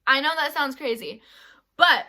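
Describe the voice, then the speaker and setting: A woman co-hosting a casual podcast chat, talking in an animated way with frequent fillers and laughs. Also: high-pitched, moderate pace. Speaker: co-host.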